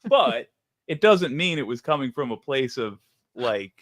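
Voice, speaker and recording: Podcast dude going off on a tangent, lots of likes and ums, dry mic. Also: male voice, mid-range voice, unhurried, no echo. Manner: animated, rambling with many fillers. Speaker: podcast co-host. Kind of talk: casual chat.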